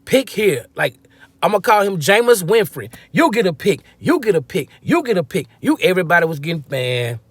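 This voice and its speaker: A man's voice: sits high, very animated, normal speed, a bit bright, breathy edge, no echo. A man giving a casual, slangy football-fan rant, joking and acting out quotes as he goes. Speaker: sports fan commentator.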